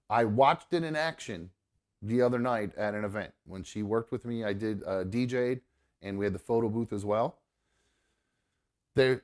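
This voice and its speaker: A man's voice: mid-range voice, a little mellow. A middle-aged man hosting a talk show, telling a long personal story in an earnest, rambling way. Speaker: podcast host. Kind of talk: casual chat. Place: studio.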